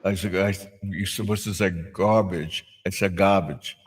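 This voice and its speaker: An older man with a low voice hosts a casual live stream. He rambles, restarting sentences and filling pauses as he goes. A faint hiss sits under his voice. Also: little pitch movement, poor audio. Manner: rambling, with many restarts and fillers. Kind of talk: casual chat.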